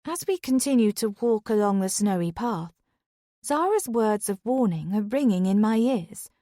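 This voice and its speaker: A woman narrating a first-person thriller in a measured, even storytelling manner. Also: medium pitch, no echo, studio quality. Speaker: audiobook narrator.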